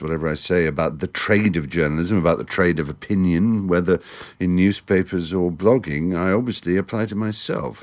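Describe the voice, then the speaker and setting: English man, very low voice, lively intonation, wry and theatrical, solo podcast host. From England. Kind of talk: monologue podcast. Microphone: studio microphone.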